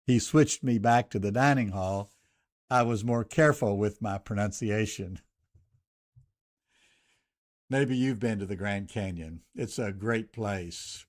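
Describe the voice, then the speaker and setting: An older man with a Southern US accent speaks as a radio host, setting out items one by one in a measured cadence. His voice sits at an ordinary male pitch. He delivers reflective commentary and prayer. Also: a little mellow.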